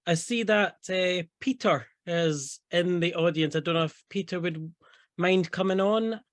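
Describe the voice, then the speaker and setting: A man's voice: high-pitched, a bit bright. A man doing a card trick on a video call, friendly and hesitant with lots of ums. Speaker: magician. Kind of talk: live magic act on a video call.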